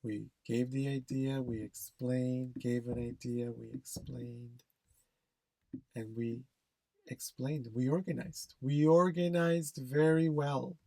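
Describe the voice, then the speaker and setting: A man's voice: mid-range voice, steady tone, takes it slowly, gravelly, mellow, no echo. A man teaching an exam-prep lesson, stressing key phrases, repeating them and checking in with "okay?". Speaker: English test instructor.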